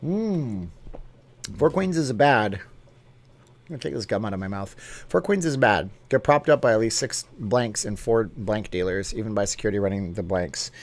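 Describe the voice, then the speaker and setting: A man's voice: on the low side, normal speed. A man hosting a casual live stream, chatting and joking as he answers viewer comments off the cuff.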